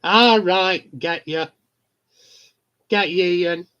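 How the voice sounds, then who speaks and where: Slow-talking man, laughing. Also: high voice, sharp tone. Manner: chatty storyteller, swears freely, laughs often. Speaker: live stream host. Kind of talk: casual chat. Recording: dull lo-fi sound.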